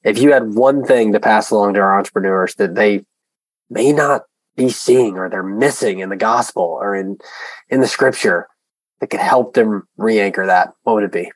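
A man's voice: fairly low pitch, moderate pace, dry recording, low-quality recording. A man co-hosting a podcast, eagerly asking an earnest faith question. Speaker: podcast co-host.

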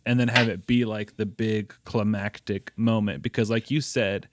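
A man co-hosting a casual movie review podcast, rambling and animated, jumping into high-pitched mock reactions. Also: moderate pace, noisy background. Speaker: podcast co-host.

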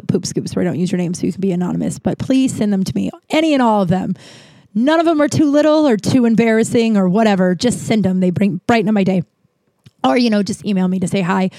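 A woman's voice: mid-range voice, mellow, no room sound. A woman in her thirties hosting a podcast, telling a rambling, profane story in a casual chat. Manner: chatty, profane, rambling with many restarts. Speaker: podcast host.

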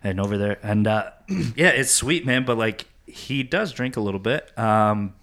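Low-voiced man chatting with enthusiasm. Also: moderate pace, fairly bright tone. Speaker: podcast co-host. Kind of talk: casual chat.

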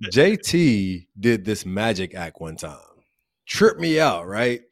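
Lively laughing man with Kentucky accent. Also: lowish voice, slow, dry recording, clean studio sound. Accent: Louisville, Kentucky. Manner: animated storytelling, laughs a lot. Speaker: podcast host. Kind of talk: casual chat.

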